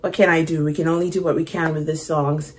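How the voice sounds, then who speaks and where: A woman's voice: deep voice, level tone, quick pace. A woman hosting a music reaction video, chatting playfully, reading lyrics aloud and laughing. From Canada. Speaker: music reaction channel host. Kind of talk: casual music reaction chat.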